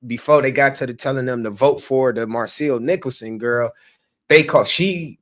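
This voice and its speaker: A man with a Chicago accent, a candidate telling an election-day story on a podcast, animated and acting out the dialogue. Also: mid-range voice, moderate pace. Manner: animated, acts out quoted dialogue. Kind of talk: casual storytelling chat.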